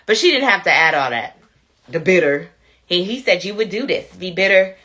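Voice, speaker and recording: A woman's voice: fairly low pitch, animated, moderate pace, pushed and bright, slight background noise. A woman hosting a casual livestream, who has a cold, talks straight to her viewers and weighs in on a story she has read out. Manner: chatty, talks straight to viewers with "y'all" and "you know what I'm saying". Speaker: livestream host.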